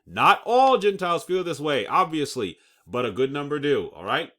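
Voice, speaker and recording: A man's voice: a little high, big pitch swings, moderate pace, a bit bright. A man hosting his own channel, reading out news reports and commenting on them emphatically, often checking in with "okay?" and laughing off his own stumbles. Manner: stumbles over words and laughs at himself. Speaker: channel host.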